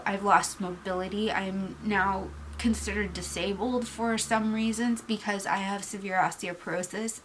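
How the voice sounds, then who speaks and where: A woman chatting casually in a get-ready-with-me vlog, candid and reflective, teary-eyed, trailing off into pauses. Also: medium pitch, fairly bright tone, a little hiss or hum, low-quality recording. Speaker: beauty vlogger.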